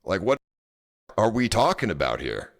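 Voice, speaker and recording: A man's voice: on the low side, wildly swooping pitch, normal speed. A man telling a personal story in a casual, rambling way, frustrated and full of filler words.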